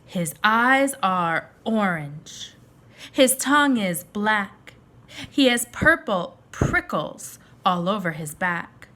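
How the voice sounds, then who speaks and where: A teacher reading a picture book aloud to young children and asking them questions. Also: female voice, medium pitch, very animated, takes it slowly, sharp tone. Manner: friendly questions to young listeners. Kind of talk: children's story read-aloud lesson.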